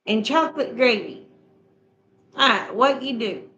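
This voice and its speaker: A woman's voice: a little high, lively intonation, measured pace, pushed and bright, muffled recording. A middle-aged woman chatting casually with her viewers and walking them through a recipe in a homespun, repetitive way. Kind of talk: casual chat, recipe instructions.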